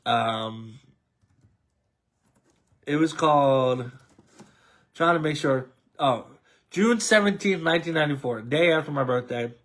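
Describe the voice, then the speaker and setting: A man's voice: fairly high pitch, lively intonation, a little slow, pauses often, fairly bright tone. An American man hosting a casual sports chat, rambling and addressing his co-host with many fillers. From United States. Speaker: podcast host.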